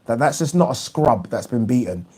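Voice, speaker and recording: A man hosts a live fight review on his boxing channel, reading out viewer questions. He talks bluntly and casually, often restarting his sentences. His voice is mellow and dark, at an ordinary pitch for a man. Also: lively intonation, moderate pace, breathy edge. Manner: blunt opinionated talk with frequent restarts.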